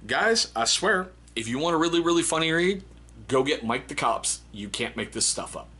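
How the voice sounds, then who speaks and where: Male host, casual book vlog, bright and a bit husky, laughs through his reads. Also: fairly high pitch, lively intonation, fairly quick. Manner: laughs often, reads excerpts aloud. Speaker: book review channel host.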